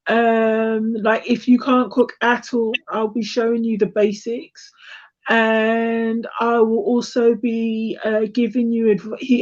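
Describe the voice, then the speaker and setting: A woman with a hoarse, thin voice, a tarot reader hosting her channel in casual, self-mocking chat. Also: a little high, dull audio. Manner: chatty, self-mocking, laughs easily.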